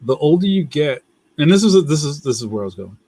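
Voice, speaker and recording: A man's voice: on the high side, very animated, quick pace, mellow, husky, dry recording. A young man with a Philadelphia accent hosting a casual livestream, rambling loosely, laughing often and reading out viewer comments. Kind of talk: casual chat.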